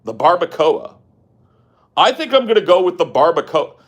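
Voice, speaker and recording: A man doing a pompous, drawn-out commentator voice. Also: sits high, big pitch swings, pitched above the performer's own voice. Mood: musing. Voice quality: affected, drawn-out announcer cadence. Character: pompous male online commentator, impression.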